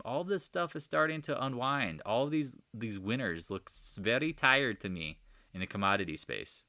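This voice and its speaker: Animated, exasperated male market commentator. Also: mid-range voice, dry recording. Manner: exasperated, preachy, rambling with repeated rhetorical questions. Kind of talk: casual market recap over charts.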